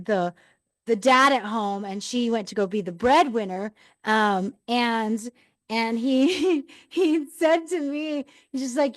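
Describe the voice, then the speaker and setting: A middle-aged woman hosting a talk show, telling personal stories in a chatty, animated way. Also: fairly high pitch, no echo. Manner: chatty, animated retellings with laughs. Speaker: podcast host. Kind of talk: casual personal storytelling.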